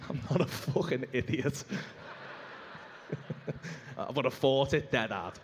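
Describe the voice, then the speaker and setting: A man's voice: medium pitch, animated, takes it slowly, a little hiss or hum. A man doing a stand-up routine on a comedy club stage, brash and sweary as he rambles through stories.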